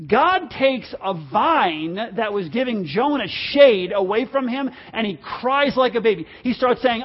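A man's voice: high-pitched, expressive, measured pace, hardly any pauses, husky. A pastor delivering an impassioned sermon, repeating words and acting out the complaints he quotes, heard on a dull lo-fi recording.

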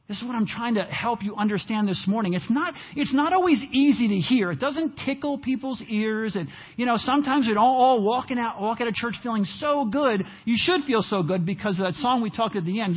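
A man preaching a sermon in church, animated and at times rising almost to a shout. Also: extremely high pitch, breathy edge, dull audio. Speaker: pastor.

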